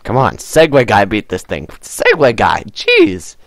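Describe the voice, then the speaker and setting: A man hosting a gaming video with goofy let's-play commentary, and his pitch swings widely. He talks at an unhurried pace, chatting to the on-screen character and repeating the same jokes. The sound is dry and close. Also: huge pitch swings, gravelly, a bit bright, dry recording.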